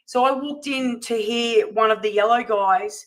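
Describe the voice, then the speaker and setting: A woman's voice: on the high side, unhurried, poor audio. A woman on a talk panel, telling a story in casual chat and acting out the people she quotes. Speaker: campaign volunteer and panel guest.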